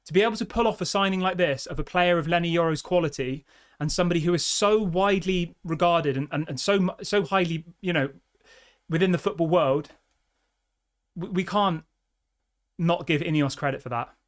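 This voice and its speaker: A young man, hosting a live fan stream, chatty and excitable while reading out viewer comments. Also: sits high, fairly quick. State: out of breath. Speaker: fan channel host.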